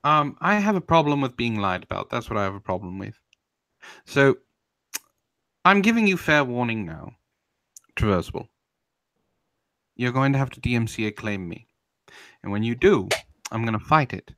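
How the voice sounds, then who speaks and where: A man's voice: mid-range voice, sing-song, normal speed, pauses often, fairly bright tone, dry recording. A man hosting a live stream, ranting in a confrontational, taunting way and answering chat, admitting he is getting heated.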